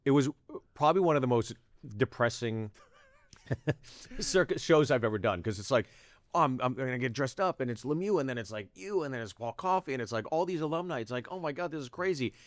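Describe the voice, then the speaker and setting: A man's voice: medium pitch, animated, no echo. A middle-aged man from the Pittsburgh area, a stand-up comedian telling stories in casual chat, jumping into voices and swearing freely. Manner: quick, profane storytelling that jumps into quoted voices. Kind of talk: animated storytelling in casual chat.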